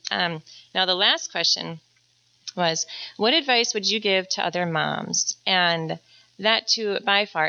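A woman speaking earnestly to a church group about motherhood, gentle, with many fillers and soft laughs. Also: on the low side, smooth, muffled recording. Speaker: mother sharing a testimony. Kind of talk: prepared talk to a church group.

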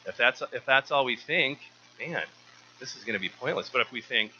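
Male church speaker, earnest and stumbly, very bright sharp tone, slightly dull recording. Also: mid-range voice, expressive, fairly quick, a little hiss or hum. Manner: earnest, often repeats words while restarting. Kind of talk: informal sermon.

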